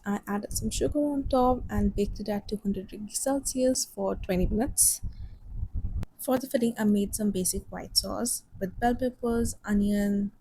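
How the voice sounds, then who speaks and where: A young woman calmly explaining her baking step by step in a cooking tutorial voice-over, encouraging beginners. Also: mid-range voice, slight background noise, low-quality recording. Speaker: home baker.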